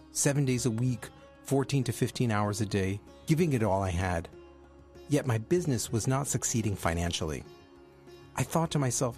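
A podcast host with a fairly low, slightly mellow voice shares a personal story. He tells it as a monologue, earnest and reflective.

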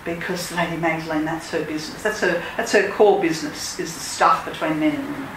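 A woman's voice: sits low, brisk, a bit bright. Woman spiritual teacher, earnest and emphatic, recorded at a distance in an echoey room. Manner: earnest, emphatic, leads chants. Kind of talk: casual talk and call-and-response mantra chanting. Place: lodge meeting room. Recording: echoey room, speaker far from mic, noisy.

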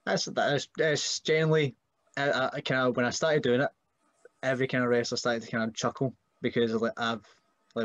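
A young man with a Scottish accent talks casually as a podcast guest and jokes about how people treat wrestlers. His voice is mid-pitched and sits close and dry, with no room sound at all. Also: little pitch movement, fairly quick, a bit bright, dry recording, highs cut off. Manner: joking, does mocking voices of relatives.

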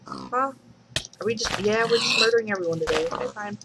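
A woman's voice: mid-range voice, big pitch swings, a little fast, background noise. A woman giving casual, chatty commentary while playing a game at home, swearing lightly and talking to the animals. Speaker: let's play host. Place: home room.

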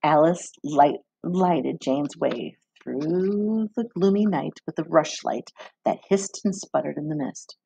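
Gravelly-voiced woman reading a story aloud. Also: low-pitched, dark tone, poor audio. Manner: measured storybook narration with acted voices. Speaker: reader.

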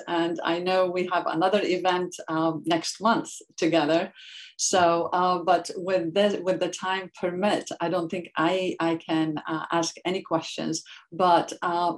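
A middle-aged woman moderates a webinar interview. Her voice sits fairly low, and she asks her questions in a friendly way with hesitant phrasing.

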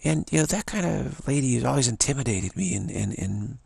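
Older male vlogger, rasping and gravelly, stammering musings, dry close recording. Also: mid-range voice, lively intonation, a little fast, darkish tone, dry recording. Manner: musing, stammering repeats, tag questions. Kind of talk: rambling spoken monologue.

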